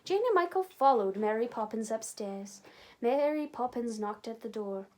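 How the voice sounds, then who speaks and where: Woman librarian, children's storybook reading, lively pitch swings, fairly high voice. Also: normal speed. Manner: expressive, animated storytelling.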